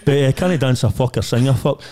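A Scottish man talks in a blunt, sweary, lively way and tells stories with animation. His pitch sits in the middle of the male range. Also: fairly quick, slight background noise. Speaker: property guest. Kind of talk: casual podcast chat.

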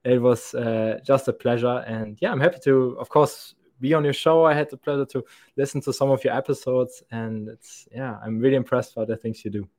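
A man's voice: medium pitch, fairly quick, darkish tone. Stammering man with a thick German accent. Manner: stammering, restarts often, laughs easily. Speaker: podcast guest. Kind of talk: casual chat.

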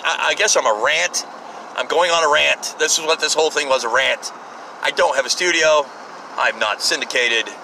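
A man in his thirties rants from behind the wheel, swearing freely and breaking off mid-sentence. His voice sits a little high and sounds bright and sharp. It is picked up from a distance inside a moving car, with faint road noise underneath. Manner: profane, rambling, self-interrupting. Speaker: podcast host. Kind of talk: in-car rant podcast. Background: faint road and traffic noise.

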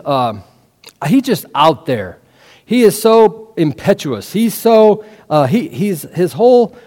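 Lively high-voiced male preacher in a reverberant hall. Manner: animated storytelling with rhetorical questions to the congregation. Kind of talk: sermon. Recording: long reverb of a large hall.

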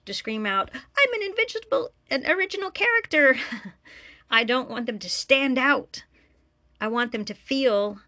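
A woman's voice: medium pitch, a bit bright, no room sound. A woman hosting her own podcast alone in a room, chatting casually and laughing at herself. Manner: chatty, self-deprecating, laughs often. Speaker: podcast host and story reader. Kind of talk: casual solo podcast chat.

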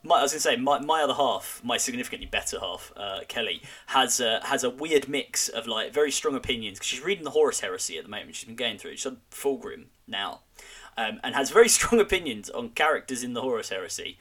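Podcast host, bright and lively voice, rambling anecdotes. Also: male voice, medium pitch, quick pace, slightly rough. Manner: rambling, anecdotal, self-correcting. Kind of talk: casual chat.

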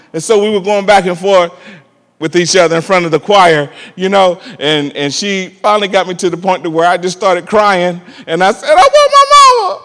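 A man preaching a sermon and telling a personal story, emphatic and animated, calling out to the congregation for amens. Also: high-pitched, moderate pace, in a large hall. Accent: African American church preaching. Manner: emphatic and animated, calls "amen" and "come on" to the congregation.

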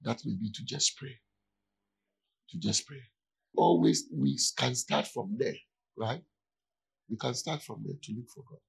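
A pastor preaching in an easygoing, conversational way, stopping often to ask whether his listeners follow. His voice is heavily gravelly with a husky edge. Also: medium pitch, animated, a little slow, long pauses, poor audio. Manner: keeps checking in with listeners. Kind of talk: conversational sermon.

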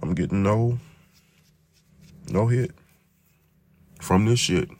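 A very deep-voiced man hosts a podcast on his own. He talks loosely and profanely, rambling along and stretching words out in long repeated runs. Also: a little mellow. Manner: profane, rambling, drawn-out repetitions. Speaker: podcast host. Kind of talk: casual monologue.

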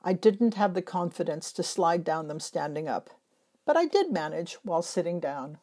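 A woman from Northern Europe, a travel photographer, narrating her travel memories in a measured, reflective way. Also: fairly low pitch, lively intonation, mellow. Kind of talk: scripted first-person travel narration.

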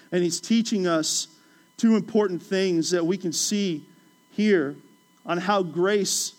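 A man preaching a sermon, talking in a conversational way, repeating phrases for emphasis and acting out voices of biblical figures. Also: high voice. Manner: animated, acts out playful voices of biblical figures. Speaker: pastor.

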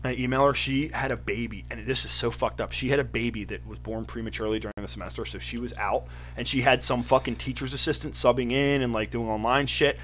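A man's voice: mid-range voice, steady tone, fast, fairly bright tone, a little hiss or hum. A young man in casual chat, telling a long profane story with quoted asides.

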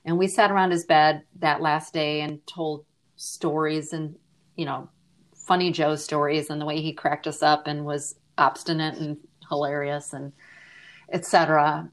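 A woman's voice: deep voice, flat delivery, unhurried. A middle-aged woman speaking as an interview guest, earnest and reflective as she shares a personal story, her voice dropping at times to a near-whisper. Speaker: podcast guest, grief advocate.

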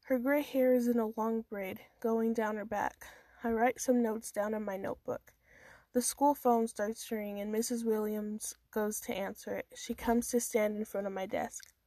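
A woman's voice: fairly high pitch, fairly even intonation, moderate pace, mellow, no echo. A woman reading her own first-person story aloud in a casual amateur manner, with small stumbles and restarts.

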